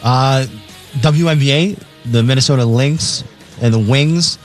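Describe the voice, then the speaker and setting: A man's voice: medium pitch, unhurried, faint music behind. A man co-hosting a sports radio show, reading games and odds in a matter-of-fact way. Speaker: co-host reading betting lines. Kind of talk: casual sports radio chat.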